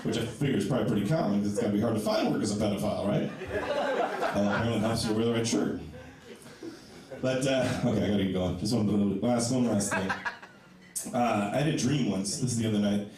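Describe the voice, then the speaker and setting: A man doing a stand-up comedy set on a club stage, self-mocking and animated, acting out the people he quotes. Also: on the low side, fast. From Ohio. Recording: echoey club, distant mic, crowd noise.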